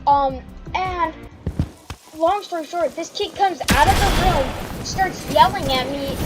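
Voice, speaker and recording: A woman's voice: extremely high pitch, a little slow, low-quality recording. A teenage girl telling a rambling storytime while gaming, filling her talk with "like". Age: teens. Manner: rambling, heavy filler "like". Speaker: streamer. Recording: loud game music behind.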